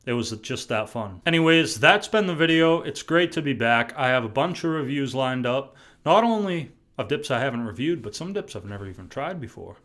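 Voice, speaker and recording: A man's voice: mid-range voice, lively intonation, fairly quick, few pauses, a bit bright. A young man from New England talking casually to camera in a vlog, chatty and full of restarts, swearing now and then. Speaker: vlogger.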